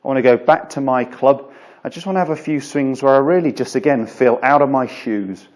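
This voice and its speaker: In this video lesson, a golf coach from England talks a little fast in a mid-range voice as he demonstrates and explains a drill. He keeps things casual and chatty with lots of fillers, working inside an indoor golf studio.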